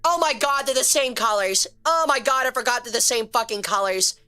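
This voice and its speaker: A woman streamer giving casual live game commentary, excitable and quick to swear, chatting with her viewers. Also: fairly high pitch. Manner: excitable, swears a lot when frustrated, chats with viewers.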